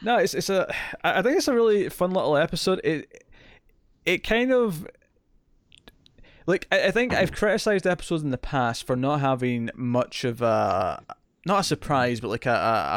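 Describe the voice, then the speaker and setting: A man's voice: medium pitch, dry recording, clean studio sound. A man co-hosting a podcast, talking through a story in a thoughtful, analytical, casual way. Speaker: podcast co-host. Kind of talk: casual chat.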